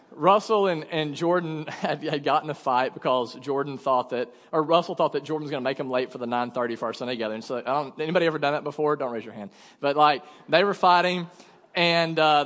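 A man in his thirties preaching a storytelling sermon as pastor, lively and acting out quotes while joking with the congregation. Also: fairly high pitch. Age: 30s. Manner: animated, acts out quotes, jokes with congregation. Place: church sanctuary. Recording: long hall reverb.

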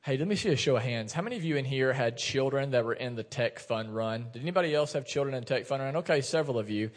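Storytelling pastor in an echoing church. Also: male voice, medium pitch, expressive, fast. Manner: storytelling, joking, conversational. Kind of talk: sermon. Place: church sanctuary. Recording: long church hall reverb.

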